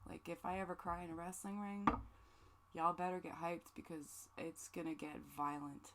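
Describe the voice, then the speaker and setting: A woman's voice: on the low side, normal speed, noisy background. A woman livestreamer chatting casually, rambling and joking with some swearing, emotional and close to tears. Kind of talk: casual stream chat.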